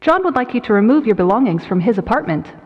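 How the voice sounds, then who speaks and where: A woman playing a calm, courteous female AI phone assistant in a comedy sketch phone call. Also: on the high side, fast, slightly rough, long reverb tail. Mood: polite.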